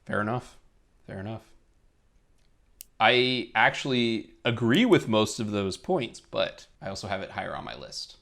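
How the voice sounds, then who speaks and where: A man's voice: fairly low pitch, lively intonation, gravelly, a bit bright. A man co-hosting a podcast, jokey and enthusiastic in a casual movie review chat. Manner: jokey, quick to laugh, enthusiastic. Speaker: podcast co-host.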